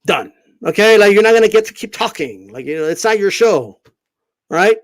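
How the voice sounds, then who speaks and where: Brash, high-pitched man ranting. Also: animated, moderate pace. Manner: brash, profane, mocks commenters in put-on voices. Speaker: boxing channel host. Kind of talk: animated livestream rant.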